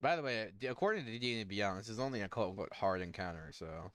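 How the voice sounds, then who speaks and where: Fast, lively-voiced man running the game. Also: fairly low pitch, no echo. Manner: quick, lively rulings and narration. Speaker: dungeon master. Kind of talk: running a tabletop game over voice chat.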